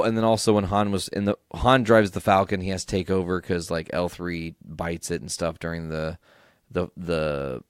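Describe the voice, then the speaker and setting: A young man hosting a podcast alone, recapping excitedly, rambling and swearing freely. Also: low-pitched, smooth, no room sound, clean studio sound. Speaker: podcast host. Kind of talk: casual solo recap.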